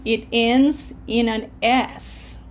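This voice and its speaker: A woman teaching a recorded online language lesson. She explains rules patiently, checks in with the listener by asking "okay?" often, and slows down to stress example words when she models pronunciation. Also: a little high, steady tone, slight background noise. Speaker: Spanish teacher.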